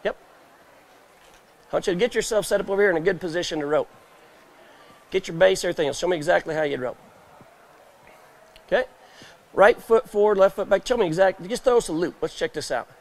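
High-voiced folksy roping instructor. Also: male voice, fast talker, vocal fry, long pauses. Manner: folksy, questions the crowd, acts out scenes. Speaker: roping clinician at a trade show stage. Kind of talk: live demonstration talk to a crowd. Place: indoor trade show stage, live audience.

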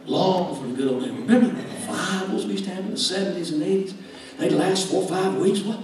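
A middle-aged man, preaching a sermon in a folksy, joking way that swings from quiet asides to loud shouting. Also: medium pitch, fairly quick, a crowd in the background. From Alabama. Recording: echoey church hall from far off.

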